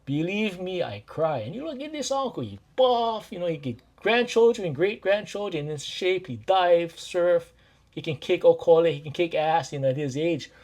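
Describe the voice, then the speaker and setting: A life coach from Maui talks casually and directly to camera, addressing his listeners in Hawaiian Pidgin-tinged English. His high-pitched voice has lively intonation at a normal speed. He comes across as warm and tends to repeat himself.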